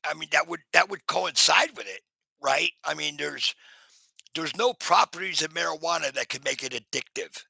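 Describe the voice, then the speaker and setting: A man's voice: a little high, normal speed, vocal fry, bright, forceful tone, husky, no echo, low-quality recording. A man hosting a casual live stream, rambling with lots of fillers, greeting viewers by name and laughing at himself. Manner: rambling, with many fillers and restarts.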